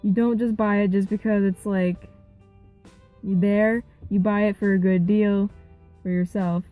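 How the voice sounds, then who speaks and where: A young woman vlogger telling a rambling, animated story about a yard sale, with quoted back-and-forth. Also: medium pitch, measured pace, faint music behind, poor audio. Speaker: gaming vlogger. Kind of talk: casual storytelling vlog.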